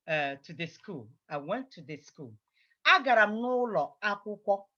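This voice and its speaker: Bright-voiced woman teaching a language lesson. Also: mid-range voice. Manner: drills phrases, repeating each several times. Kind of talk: slow, repetitive language lesson. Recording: slightly dull, lo-fi recording.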